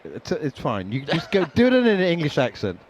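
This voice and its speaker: A man giving ball-by-ball radio cricket commentary, chatty and quick to laugh, with plenty of ums and uhs. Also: on the high side, huge pitch swings, dull audio, a little hiss or hum.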